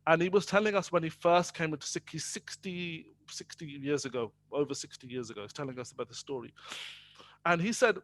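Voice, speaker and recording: A man's voice: a little high, fairly quick, fairly bright tone. A man teaching a class on Sikh faith, hesitant with many fillers, switching between English and Punjabi.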